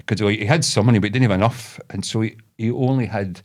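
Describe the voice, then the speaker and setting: A man's voice: fairly low pitch, quick pace. A Scottish man co-hosting a podcast, telling a story in a loose, laughing, sweary way. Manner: animated, laughing, swearing freely. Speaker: podcast co-host. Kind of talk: casual storytelling.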